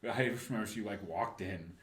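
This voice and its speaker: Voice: low voice, fast talker. A young adult podcast co-host telling family stories, breaking into laughter mid-story. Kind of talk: casual storytelling chat. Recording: echoey room with faint noise.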